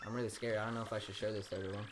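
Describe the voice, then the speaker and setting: A man's voice: fairly low pitch, little pitch movement, racing, a crowd in the background. A young man giving casual, joking commentary while he plays a video game, laughing often. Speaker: let's play gamer.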